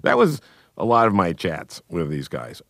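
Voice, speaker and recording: A man, a guest comedian, telling anecdotes in a radio interview, with halting restarts and chuckles. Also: low-pitched, huge pitch swings, a bit bright, no echo, studio quality.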